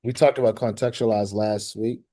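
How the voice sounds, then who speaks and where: A man's voice: on the low side, steady tone, normal speed, dark tone. A man teaching a live language class, quizzing the student and often repeating and restarting his phrases.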